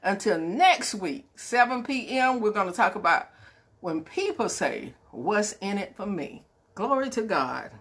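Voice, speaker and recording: A woman's voice: medium pitch, sing-song, unhurried, a bit bright. A woman hosting her weekly inspirational show, talking in a preacherly way, calling listeners y'all and acting out her talks with God. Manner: preacherly, calls listeners y'all and baby, acts out dialogues with God. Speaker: host of a weekly inspirational broadcast. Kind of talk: spirited faith talk.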